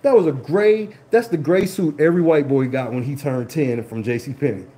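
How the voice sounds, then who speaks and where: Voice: medium pitch, a little fast, mellow. A livestream host telling a story in a profane, laughing, indignant way. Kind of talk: animated casual storytelling.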